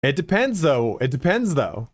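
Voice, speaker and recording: A man's voice: on the high side, sing-song, moderate pace, no echo, clean studio sound. A man chatting casually and profanely with viewers as a game streamer, rambling with lots of filler words.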